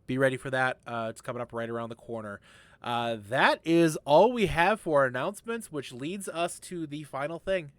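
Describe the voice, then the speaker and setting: A man's voice: medium pitch, no room sound. A man hosting a casual livestreamed podcast, running through announcements in an upbeat, rambling way with jokey asides. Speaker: podcast host.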